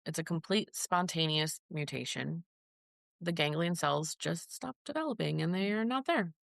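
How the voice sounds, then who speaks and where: This podcast guest, mother to a child with a rare disease, speaks at a normal speed in a low-pitched voice with vocal fry and lively intonation. She recounts events earnestly and casually, voicing the dialogue herself, in a dry, studio-quality recording.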